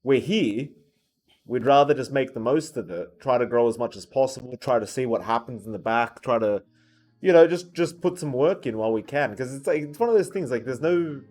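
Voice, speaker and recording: A man's voice: mid-range voice, expressive, a little fast, darkish tone. Tired man in casual chat. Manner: rambling, restarts a lot, swears casually. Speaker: esports caster and podcast co-host. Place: hotel conference room.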